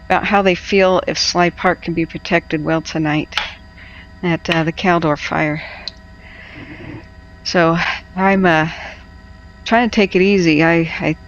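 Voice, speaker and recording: A woman hosting a casual wildfire-tracking livestream, chatty and halting, out of breath and feverish. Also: on the low side, steady tone, lo-fi sound, a little hiss or hum. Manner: chatty, halting, addresses viewers as friends.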